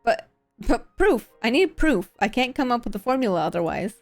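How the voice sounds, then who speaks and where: A woman's voice: fairly high pitch, big pitch swings, moderate pace, dry recording, soft background music. A woman voicing a flustered young woman scientist who stammers and gets defensive, reading from a visual novel game. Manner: stammering, defensive, rattles off jargon.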